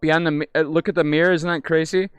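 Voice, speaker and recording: A man chatting with strangers in a VR game, crude and teasing, swinging from mumbles to shrill giggles and shouts. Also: level tone, fast, a crowd in the background. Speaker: VR streamer. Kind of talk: casual VR chat with strangers.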